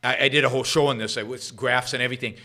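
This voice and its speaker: A middle-aged man hosting his own show, giving sarcastic political commentary that swings between loud jabs and muttered asides. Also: mid-range voice, steady tone, racing. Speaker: podcast host.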